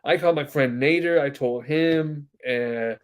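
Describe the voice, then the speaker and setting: A man's voice: a little high, unhurried, clean tone. A man hosting a podcast, telling a long family story in casual chat, rambling with many fillers and acting out quoted voices. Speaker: podcast host.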